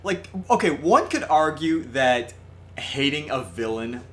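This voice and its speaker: A man's voice: medium pitch, measured pace, a little hiss or hum. A man co-hosting a let's play, casually chatting, exasperated and prone to swearing. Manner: excitable, exasperated, swears and reads dialogue aloud. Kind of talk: casual gameplay commentary.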